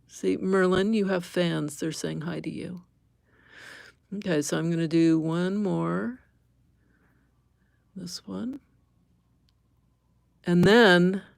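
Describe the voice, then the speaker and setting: A woman's voice: on the low side, gravelly, darkish tone, dry recording. A middle-aged woman teaching embroidery on a live stream, thinking aloud as she stitches, correcting herself and chatting with viewers.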